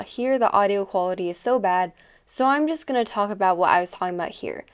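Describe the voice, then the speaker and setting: A woman's voice: medium pitch, expressive, fast, clear, resonant tone. A teenage girl narrating her own vlog in a chatty, playful, self-deprecating way. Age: teens. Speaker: vlogger. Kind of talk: casual voice-over narration.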